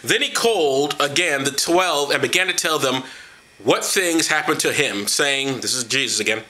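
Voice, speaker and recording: Animated, profane man mocking scripture. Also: mid-range voice, moderate pace. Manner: gesturing while reading, knocks things over. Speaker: comedic Bible reader. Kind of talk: irreverent comedic commentary.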